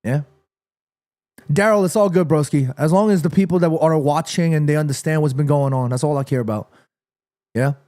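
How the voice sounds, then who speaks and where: High-voiced heated streamer man. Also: brisk, long pauses. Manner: animated, swings from calm to heated rants, swears, reads chat aloud. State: sweaty after the match. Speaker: watchalong streamer. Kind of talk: live football watchalong reacting to chat.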